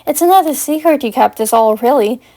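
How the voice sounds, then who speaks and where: A woman's voice: sits high, animated, a little fast, dark tone. A woman reading the heated, accusing lines of an angry young witch confronting her boyfriend, as she reads fanfiction aloud.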